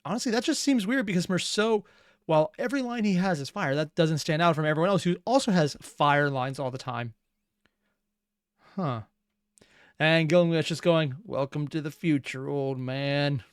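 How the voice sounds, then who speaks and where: A man hosting a reaction video, chatting casually with rambling, excitable asides. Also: a little high, moderate pace, smooth, dry recording, studio quality. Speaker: reaction channel host.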